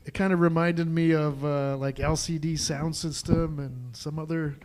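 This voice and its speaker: A man hosting a podcast on a live stage, chatting with a guest in a relaxed, rambling way. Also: a little high, moderate pace. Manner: relaxed, rambling, filler-heavy. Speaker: podcast host. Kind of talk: casual chat with guest.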